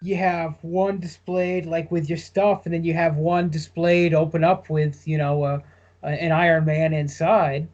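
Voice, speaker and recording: A man's voice: fairly high pitch, little pitch movement, measured pace, a little mellow, lo-fi sound. A man co-hosting a podcast, chiming in with short reactions in casual chat. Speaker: podcast co-host.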